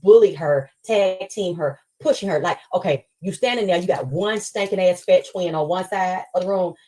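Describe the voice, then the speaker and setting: Brief: woman host, lower voice, furious cursing rant on a live stream. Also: dark tone, low-quality recording. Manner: angry, profane, rapid storytelling.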